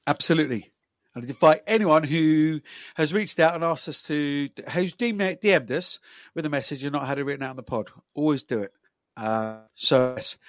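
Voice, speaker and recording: A brisk man with a slightly high voice, recorded without room sound, co-hosts a relaxed podcast. He talks loosely and meanders, with many fillers and restarts.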